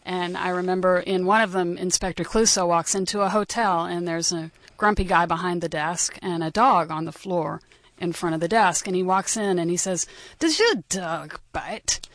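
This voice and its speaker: A woman's voice: fairly low pitch, steady tone, normal speed, no room sound. A woman in her forties telling a personal story as a radio show guest, with dry, wry humor.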